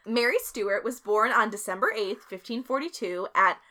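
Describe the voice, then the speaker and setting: A woman's voice: mid-range voice, moderate pace, bright, forceful tone. A woman co-hosting a podcast, telling a history story in a casual, chatty way, laughing often. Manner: laughs often, swears, uses filler like.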